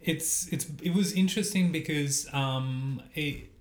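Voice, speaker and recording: A man's voice: fairly high pitch, measured pace. A man who makes pizza telling a personal story in casual chat, earnest and hesitant, with many ums. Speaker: pizza maker guest. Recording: roomy echo.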